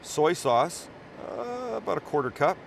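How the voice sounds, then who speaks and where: Lively-voiced man hosting a cooking vlog. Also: fairly high pitch, unhurried, vocal fry, slight background noise. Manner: joking, chatty, talks while cutting. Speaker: cooking show host. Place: hotel room.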